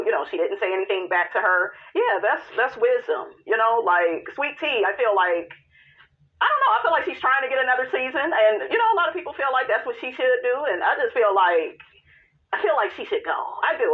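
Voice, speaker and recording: A woman giving a sassy, blunt recap of a reality show in casual commentary, swearing freely and talking straight to her viewers. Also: mid-range voice. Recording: tinny phone-line sound.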